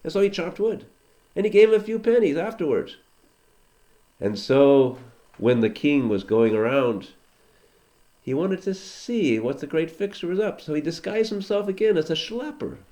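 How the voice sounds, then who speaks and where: A man's voice: a little high, animated, normal speed, dark tone. A man, a teacher, telling a story aloud to a children's class, conversational with asides to listeners.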